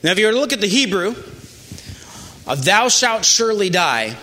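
Guy preaching a sermon, high bright voice, really animated, tosses in asides. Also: moderate pace. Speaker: pastor.

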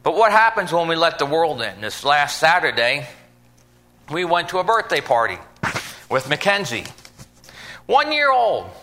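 A man's voice: fairly high pitch, sing-song, unhurried, pauses often, slight background noise. A man preaching an informal sermon in a folksy, conversational way, acting out little scenes as he goes.

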